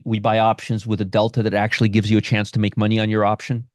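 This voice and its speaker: A man's voice: lowish voice, monotone, quick pace, few pauses, darkish tone, no echo. Brash sarcastic man teaching trades. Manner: brash, sarcastic, answers chat by name. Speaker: options trading instructor. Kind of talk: live-stream trading commentary.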